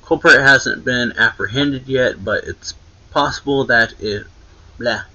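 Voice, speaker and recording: A man's voice: mid-range voice, measured pace, bright, forceful tone, muffled recording. Rambling young man recapping a story. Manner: rambling, filler-heavy retelling with many likes and restarts. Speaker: anime reaction channel host. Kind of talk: casual manga recap.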